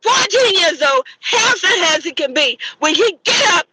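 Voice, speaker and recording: A middle-aged woman hosting her own channel, delivering a furious, profane gossip rant full of shouted rhetorical questions. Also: extremely high pitch, very animated, moderate pace, very noisy. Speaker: channel host. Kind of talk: angry gossip commentary rant.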